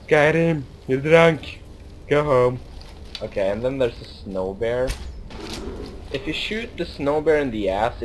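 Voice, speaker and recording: A man giving casual gameplay commentary, swearing often and swinging between loud outbursts and muttered asides. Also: medium pitch, a little hiss or hum. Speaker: gaming video host.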